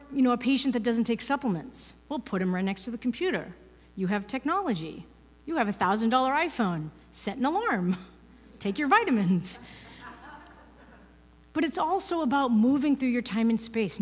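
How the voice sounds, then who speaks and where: A woman giving a conversational inspirational talk as a guest speaker at a spiritual ministry, chatty and full of "you know" and "right?". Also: mid-range voice. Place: ministry service hall, indoors. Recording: reverberant hall.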